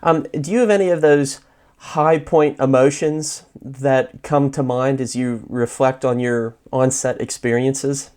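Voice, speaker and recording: Man, mid-pitch interviewer, calm and measured. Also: clean tone. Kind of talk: interview question.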